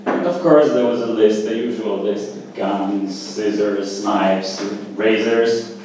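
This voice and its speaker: A man performing open mic stand-up comedy at a small cafe, talking in a casual, halting way with lots of fillers. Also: fairly low pitch, a little mellow, heavy reverb, distant mic, slight background noise, low-quality recording. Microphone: handheld stage mic.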